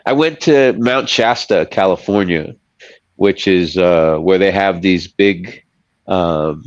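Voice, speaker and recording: A man's voice: low-pitched, takes it slowly, no echo, highs cut off. A man chatting casually on a podcast, rambling and laughing as he loses his thread.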